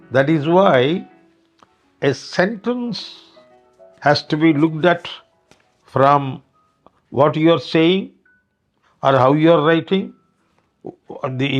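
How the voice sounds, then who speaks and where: An older man with an Indian English accent giving a grammar lecture, speaking deliberately and acting out example sentences with varied intonation. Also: a little high. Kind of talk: classroom lecture.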